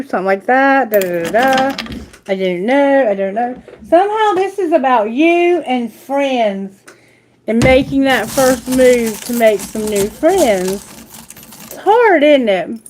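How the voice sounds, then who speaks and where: A woman reading tarot on a live stream, chatting casually and affectionately in a rambling way. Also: a little high. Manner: affectionate, rambling, baby talk to pets. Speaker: tarot reader.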